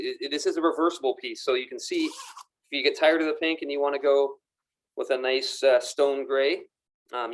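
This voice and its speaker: A man presenting golf apparel on camera in a pro shop, enthusiastic and chatty, often repeating his words as he goes. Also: mid-range voice. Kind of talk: casual product demonstration to camera. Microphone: camera mic, moves around the room.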